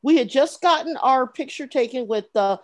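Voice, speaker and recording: A woman co-hosting a podcast in casual chat, sharing convention stories with quick asides. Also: high-pitched, lively intonation, darkish tone. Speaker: podcast co-host.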